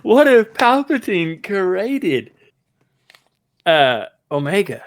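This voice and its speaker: Excitable rambling male podcast host. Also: high-pitched. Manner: excitable, rambling, quick laughs. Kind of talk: casual fan podcast chat.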